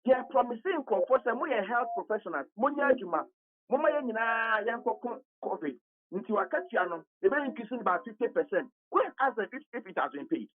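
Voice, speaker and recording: A Ghanaian commentator calling into a radio talk show, heated and full of rhetorical questions, often repeating words for emphasis. The pitch swings widely as the argument builds. It all comes through a thin, tinny phone line.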